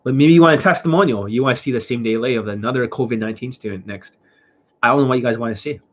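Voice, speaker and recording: A sick, coughing man talks very fast at medium pitch during a livestream Q&A as a dating coach. He's blunt and swears a lot, and the sound is dull and lo-fi.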